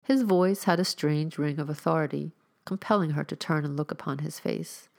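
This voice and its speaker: A woman narrating a short story aloud in a measured, expressive way. Her voice is low, with a gravelly, fry-tinged texture. The pacing is steady and deliberate.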